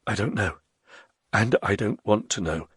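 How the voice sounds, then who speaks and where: A man's voice: fairly low pitch, measured pace, husky, no room sound, studio quality. A man voicing a frightened, embittered court poet who speaks in an anxious, quavering way. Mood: anxious, gloomy.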